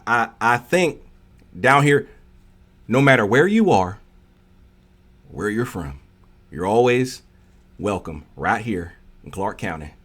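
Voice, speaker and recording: A man hosting a casual livestream chat who rambles off on tangents with lots of fillers and answers chat comments aloud. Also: fairly low pitch. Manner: rambling, digressive, heavy on fillers. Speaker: livestream host.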